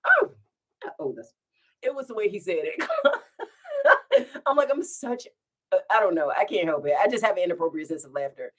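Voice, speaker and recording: A woman telling funny everyday stories to her viewers in a relaxed, chatty way. Her voice rises and falls with a lot of movement. She keeps giggling and breaking into laughter between lines. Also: lowish voice, a little fast, pauses often. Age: adult with children. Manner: giggly, animated, bursts into laughter. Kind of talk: casual storytime.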